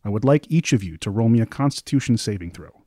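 A man narrating a tabletop fantasy game as game master, with measured, descriptive storytelling. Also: lowish voice, animated, warm tone, a little hiss or hum.

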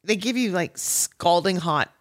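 A woman with a fairly low voice tells funny stories as a guest on a chat podcast. She laughs often and leaps into the voices of the people she quotes. The delivery is lively and full of comic timing. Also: unhurried. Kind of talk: casual storytelling chat.

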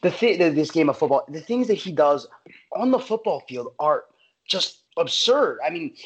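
A man with a high voice talks through his picks on a sports betting show. He is emphatic and animated, stacking up repeated phrases as he makes his case, in a casual back-and-forth with his co-host. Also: moderate pace, dull audio.

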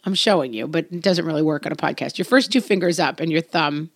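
A woman's voice: low-pitched, fast talker, no room sound, clean studio sound. A middle-aged woman co-hosting a podcast, chatting casually and acting out scenes from home with her kids. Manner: animated storytelling, acts out scenes. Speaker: podcast co-host. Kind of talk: casual chat.

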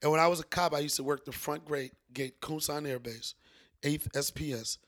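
A man's voice: a little high, moderate pace. A middle-aged man, a guest comedian, telling stories in a loose podcast chat and slipping into playful mock phrases. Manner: animated storyteller, slips into mock phrases and sing-song bits.

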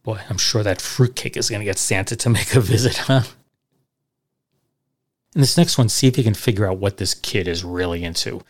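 A man's voice: lowish voice, normal speed. A middle-aged man hosting a podcast, reading old letters aloud and adding chatty, dry, sarcastic asides. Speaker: podcast host.

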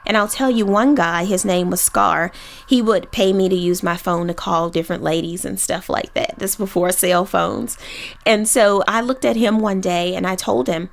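A woman from Oakland telling a personal story in a vivid, animated way. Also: medium pitch, normal speed, gravelly. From Oakland, California.

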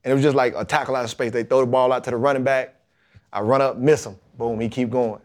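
A man, telling a lively, colloquial story in a podcast interview and acting out the people in it. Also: medium pitch, quick pace. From Mississippi, USA. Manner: animated storytelling, colloquial, acts out the voices of the people in his story. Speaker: guest, football player.

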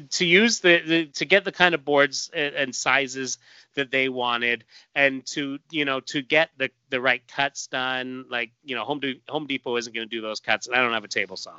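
Man, casual chat, rambling with fillers, smooth resonant voice, muffled lo-fi audio. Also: medium pitch, bright, forceful tone, dry recording. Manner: rambling storyteller with many fillers and restarts.

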